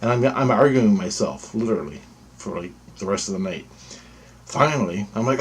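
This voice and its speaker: Here a male vlogger with a fairly low voice talks briskly, his intonation lively, against a bit of background noise. His casual personal story wanders and circles back on itself, and he swears without restraint.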